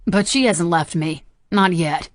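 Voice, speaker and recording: A woman's voice: lowish voice, measured pace, no echo, studio quality, natural voice. Woman voicing a sneering, menacing young man. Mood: threatening. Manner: sneering, foul-mouthed threats. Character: young man, jittery, armed, menacing and crude.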